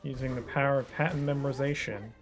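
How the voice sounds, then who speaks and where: A male streamer talks over his gameplay in a middle-pitched voice, swinging between theatrical griping and mock serenity. Game music plays clearly behind him. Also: fairly even intonation, fast talker. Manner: jokey, mock-dramatic, self-mocking. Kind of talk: live gameplay commentary.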